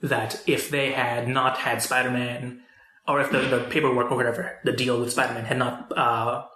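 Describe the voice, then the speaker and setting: A man's voice: medium pitch, flat delivery, moderate pace, bright, forceful tone, echoey room. A man co-hosting a podcast, chatting casually about movies and TV, rambling with lots of fillers and restarts. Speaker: podcast co-host.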